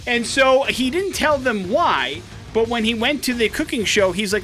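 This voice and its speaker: Bright, high-voiced male radio host. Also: expressive, normal speed, faint music behind. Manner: chatty and wry, with a dry joking aside. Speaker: radio morning show host. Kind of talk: casual radio banter, storytelling a news item.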